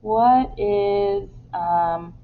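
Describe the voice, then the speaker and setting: Woman teacher, gravelly voice, patient step-by-step instructions, dull lo-fi sound. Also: medium pitch, very slow. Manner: explains step by step, with many "um" fillers and Spanish examples. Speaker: Spanish teacher. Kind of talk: recorded online class instructions.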